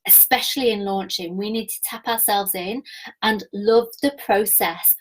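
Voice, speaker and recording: A woman coaching her viewers in a live session, enthusiastic and spiritual, with a slightly croaky voice from a week of talking. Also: medium pitch, rough recording. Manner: enthusiastic, spiritual, reads viewer comments aloud. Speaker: business coach.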